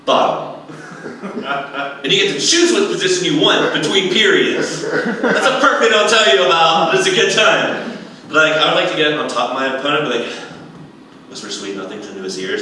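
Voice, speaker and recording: A young man doing a stand-up comedy set, telling animated stories and acting out other people's voices. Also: medium pitch, brisk, far from the mic, slight background noise. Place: comedy club stage. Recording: echoey room heard from afar.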